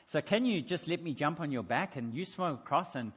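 A preacher doing a pleading, stammering scorpion. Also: male voice, a little high, expressive, brisk, breathy edge. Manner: stammering, pleading, repeats himself. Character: pleading desperate scorpion wanting a ride. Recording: dull sound with echoey hall.

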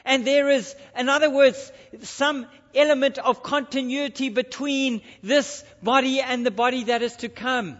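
A man's voice: very high voice, fairly bright tone. A male pastor preaching a sermon in church, emphatic and repeating his key phrases. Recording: dull recording with long hall reverb.

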